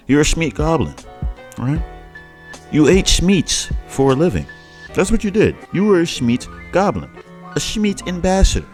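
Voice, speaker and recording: A man hosting a reaction video, talking in a mocking, sing-song way with stammering restarts. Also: lowish voice. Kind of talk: casual mocking commentary.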